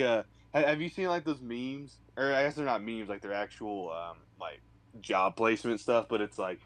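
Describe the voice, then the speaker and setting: A young man co-hosting a podcast, telling stories in a halting, laid-back way. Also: fairly low pitch, fairly bright tone, no room sound. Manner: halting, restarts often, laid-back storytelling. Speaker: podcast co-host. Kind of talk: casual chat.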